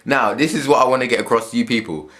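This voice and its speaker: A man delivers a heated, profanity-laced rant to the camera from his room at home. He circles back and repeats points as he talks, in a voice of ordinary middle pitch. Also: quick pace, a bit bright. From England. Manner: heated, swearing, repeats himself. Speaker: vlogger.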